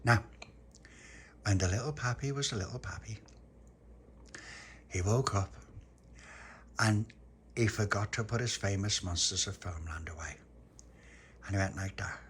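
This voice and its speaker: A man telling a homemade bedtime story in a playful way, sometimes slipping into squeaky character voices. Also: measured pace, pauses often, a bit bright, slight background noise.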